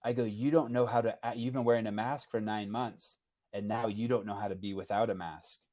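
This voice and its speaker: A man hosting a casual podcast, telling a story in a rambling, animated way with many restarts. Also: on the low side, a little fast. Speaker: podcast host.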